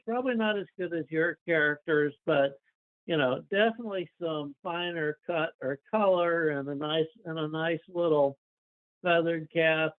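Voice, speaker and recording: A man narrating a tabletop game as game master, rambling in a relaxed way. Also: a little high, dry recording. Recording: tinny dry phone-like line.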